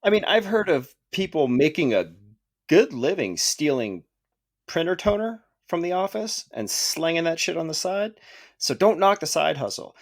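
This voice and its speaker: A man co-hosting a podcast, joking and swearing freely as he thinks out loud. His pitch rises and falls with plenty of movement, and the tone stays casual throughout. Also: big pitch swings, normal speed. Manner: joking, profane, thinking aloud. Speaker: podcast co-host. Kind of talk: casual chat.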